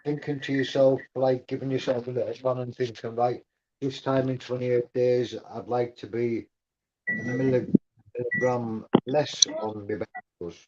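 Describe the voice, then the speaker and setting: Male guest, mellow and earnest, muffled lo-fi call audio, faint hiss. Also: mid-range voice, level tone, normal speed. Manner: earnest, advice-giving, repeats himself. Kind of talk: casual chat.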